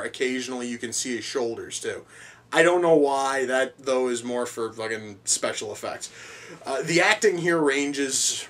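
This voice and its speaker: A man reviewing a film in a loose, unscripted ramble, swearing freely and tripping over repeated words as he goes. His voice sits at an ordinary middle pitch and sounds a little distant from the microphone. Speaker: movie reviewer. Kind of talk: casual spoken film review.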